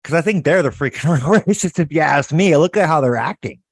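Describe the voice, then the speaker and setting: A man's voice: fairly high pitch, animated, fairly quick, breathy edge, dry recording. Emphatic male host, dry close sound. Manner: emphatic, folksy, agreeing. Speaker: show host. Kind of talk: casual interview talk.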